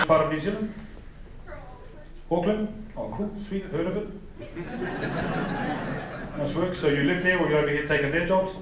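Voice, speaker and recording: A man's voice: fairly high pitch, normal speed, pauses often, background noise. A man of about forty, doing brash stand-up comedy and bantering with the crowd on a theater stage. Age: 40s. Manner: brash, swearing, talks to the crowd. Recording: echoey theater from far off. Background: audience laughter.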